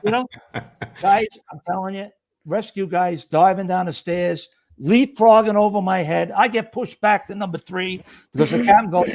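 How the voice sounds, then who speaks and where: A man's voice: high-pitched, normal speed. A middle-aged man telling fire stories as a podcast guest, acting out the quotes. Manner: animated storyteller acting out quotes. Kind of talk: casual storytelling.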